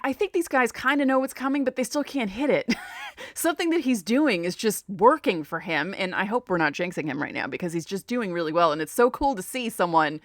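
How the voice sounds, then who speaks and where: A woman guest on a casual sports podcast, chatty and quick to laugh. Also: medium pitch, animated, no room sound, studio quality.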